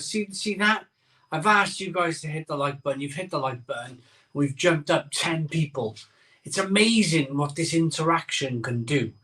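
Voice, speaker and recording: A man hosts a live beer-drinking stream and tells a story in a loose, rambling way, often repeating his words. His voice sits a bit high and sounds bright. He is heard from some distance from the microphone. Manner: chatty, rambling, repeats phrases.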